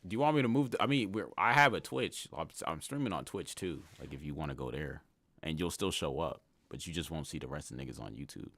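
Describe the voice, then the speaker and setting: A man's voice: extremely low pitch, lively intonation, quick pace, a bit bright, no echo. A man livestreaming and chatting casually with his viewers, talking in slang, rambling and laughing often. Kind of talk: casual stream chat, reading chat aloud.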